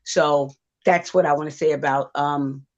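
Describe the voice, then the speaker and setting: A woman psychic on a livestream, talking gently and reassuringly, with many fillers as she tells a story. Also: low-pitched, steady tone, normal speed. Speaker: psychic panelist. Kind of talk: livestream talk. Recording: dull lo-fi livestream audio.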